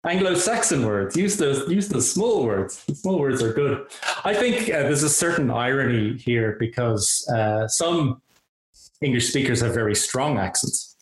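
An Irish man hosting a relaxed interview, his voice in a middle pitch range. He talks in a friendly, rambling way, often restarting his sentences. The sound carries a noticeable room echo. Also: a little slow. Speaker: host. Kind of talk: casual interview chat. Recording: roomy echoey audio.

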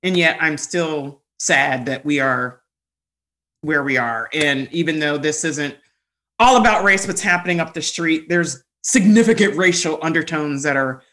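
Bright-voiced woman telling stories animatedly. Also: low-pitched, measured pace. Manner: animated, laughs often, many fillers and restarts. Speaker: guest. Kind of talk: candid conversational storytelling.

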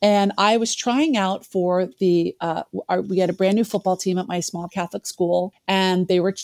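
A woman's voice: on the low side, steady tone, normal speed, darkish tone, no room sound. A woman in her fifties, a guest telling a candid, self-deprecating personal story and laughing at herself.

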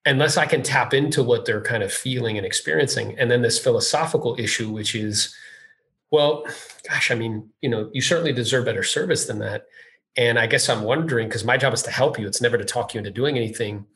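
A man at a middling pitch hosting a relaxed business interview. He talks eagerly and conversationally, leaning on filler words as he retells anecdotes and builds on his guest's points. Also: brisk, slight background noise. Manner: eager, chatty, retells stories with lots of "like". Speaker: podcast host. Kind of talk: casual interview chat.

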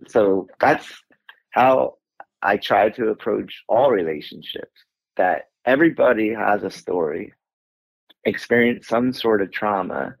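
A middle-aged man, an Air Force veteran, telling a personal story as a guest in a casual interview, animated and acting out his own lines. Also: fairly low pitch, unhurried, gravelly, breathy edge, dry recording, poor audio. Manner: animated, acts out his own lines, laughs through emotion.

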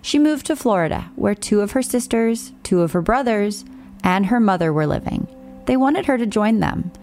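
Gravelly woman narrating a true-crime story. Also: medium pitch, lively intonation, darkish tone, slight background noise. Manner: measured, storytelling delivery. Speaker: documentary narrator.

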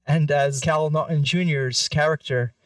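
A man's voice: fairly high pitch, fairly even intonation, measured pace, fairly bright tone, no echo, recorded from a distance. A man hosting a podcast, talking in a playful, jokey way. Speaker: podcast host. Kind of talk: casual podcast discussion.

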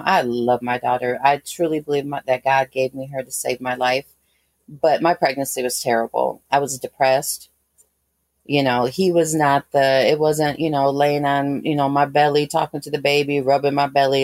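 A woman in her thirties recounts a painful personal story in a long, rambling, candid way, full of fillers and restarts. Her voice sits very low. The recording is dry and close, with no room sound. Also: darkish tone, no room sound. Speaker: guest.

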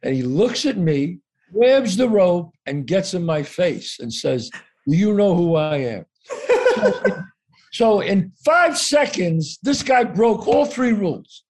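A man tells a story from his own life in loose, lively conversation, his voice sitting a little high. He acts out the people he quotes and swears without a second thought. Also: slow. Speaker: guest actor. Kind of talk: casual storytelling.

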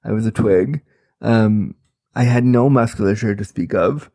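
A man's voice: on the low side, measured pace, dark tone. A man in his thirties telling a comic personal story, candid and chatty, full of fillers. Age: 30s.

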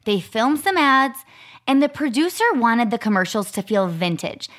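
This Arizona woman in her thirties co-hosts a podcast, and her fairly high voice moves at a normal speed. She tells a story in a relaxed, chatty way, peppering it with "like" and retelling events with animation.

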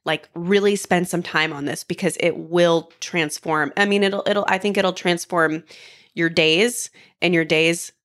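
A woman's voice: lowish voice, steady tone, unhurried, fairly bright tone. A woman in her thirties, a podcast guest, speaking in a candid, reflective and emphatic way. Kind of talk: casual conversational interview.

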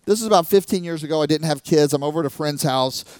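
A middle-aged man telling a story as a motivational speaker, animated, acting out the voices of the people in it. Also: a little high, fast, no echo. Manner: animated, acts out the voices of people in his stories. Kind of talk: storytelling talk to a live audience.

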